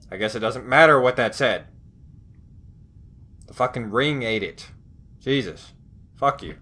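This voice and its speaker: A man's voice: mid-range voice, expressive, slow, pauses often, background noise. A man commentating a horror game as he plays, with profane, snarky reactions. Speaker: gaming video host.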